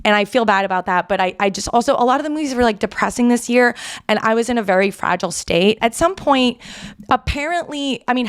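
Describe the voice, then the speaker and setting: A woman podcast host in casual chat, telling a story in an animated, self-deprecating way with quick asides. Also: fairly high pitch, clear, resonant tone.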